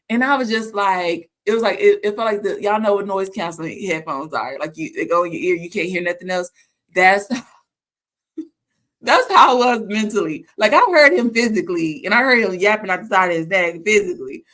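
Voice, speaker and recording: A woman from the American South hosting a casual faith talk, telling stories in an animated way with frequent restarts. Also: mid-range voice. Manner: animated storytelling with laughs and restarts. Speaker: host.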